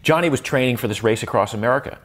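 A man's voice: medium pitch, racing, a bit bright. Older man telling his story, reflective. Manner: reflective, many restarts and fillers, rising emphasis. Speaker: guest. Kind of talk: conversational interview.

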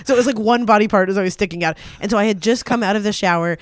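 High-voiced man telling a story. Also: racing. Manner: animated storytelling, lots of fillers and laughs. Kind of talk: casual chat.

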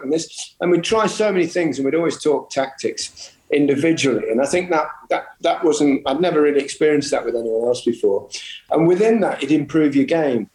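A man from England, a former footballer, telling relaxed anecdotes in a casual chat, chuckling and restarting his sentences. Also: a little high, brisk. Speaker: interview guest, former footballer. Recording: roomy sound with faint background noise.

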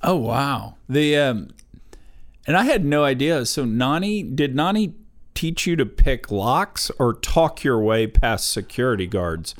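A man's voice: mid-range voice, big pitch swings, a little slow. A middle-aged man hosting a casual talk with his father, telling family stories in a chatty way. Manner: chatty storyteller, laughs while telling stories. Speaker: podcast host interviewing his father.

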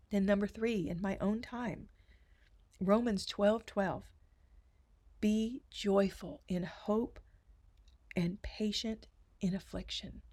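A woman's voice: medium pitch, slightly rough. Earnest woman sharing a faith testimony. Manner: earnest, tearful storytelling with hushed asides.

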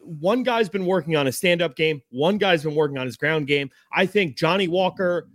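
Slightly high-voiced male co-host, dry sound. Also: normal speed, fairly bright tone, dry recording. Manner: analytical, many fillers. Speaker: co-host analyst. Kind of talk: casual sports analysis.

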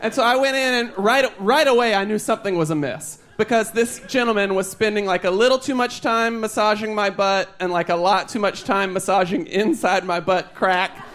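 A young gay man performing a stand-up comedy set, telling a story with animated, exaggerated bursts. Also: sits high, normal speed, few pauses. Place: comedy stage before a live audience.

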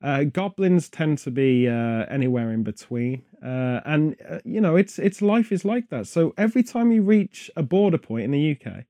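A man's voice: fairly high pitch, big pitch swings, moderate pace, hardly any pauses, mellow, no echo, clean studio sound. A British man hosting a podcast, rambling through casual chat full of wry, absurd jokes. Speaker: podcast host.

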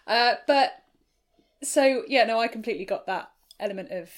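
A woman's voice: a little high, fairly quick. Candid woman in a casual chat.

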